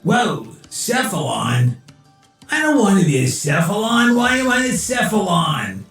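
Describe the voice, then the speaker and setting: A man voicing a sarcastic male AI sidekick who heckles in casual slang, with a gravelly voice. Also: sits high, huge pitch swings, unhurried, fairly bright tone, faint music behind, heavily acted. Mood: snarky. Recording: very echoey room.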